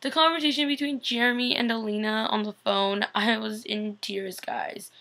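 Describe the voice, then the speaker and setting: A young woman talking excitedly into a webcam at home, breathless and gushing as she recaps. Her voice is bright and a bit sharp, with a gravelly fry underneath. She slips into quick little voices when she quotes people. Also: on the high side. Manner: chatty and gushing, acts out quotes. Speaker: vlogger recapping a TV episode. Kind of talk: casual chat.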